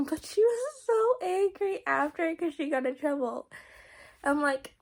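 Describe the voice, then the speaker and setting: A woman's voice: high voice, expressive, takes it slowly. A teenage girl telling a rambling, giggly story to her viewers, full of fillers and restarts. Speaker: vlogger. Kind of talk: casual storytelling to camera.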